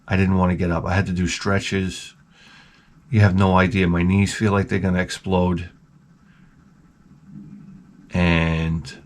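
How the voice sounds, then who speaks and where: A man hosting his own video, telling work stories in a wry, rambling way with crude asides. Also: low-pitched. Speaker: video host. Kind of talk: casual rambling monologue.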